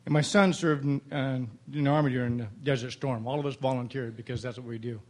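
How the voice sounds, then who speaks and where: A man's voice: mid-range voice, steady tone, fast, darkish tone. An older man in his seventies, a Vietnam veteran, giving an emotional, plainspoken public comment at a city council meeting.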